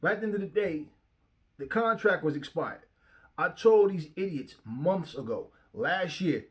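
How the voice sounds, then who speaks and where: A man's voice: a little high, animated, a little slow. A middle-aged man hosting a boxing talk channel, ranting at home, profane and combative, mocking commenters and stumbling over repeated words as he gets worked up. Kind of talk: heated rant to camera. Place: his home.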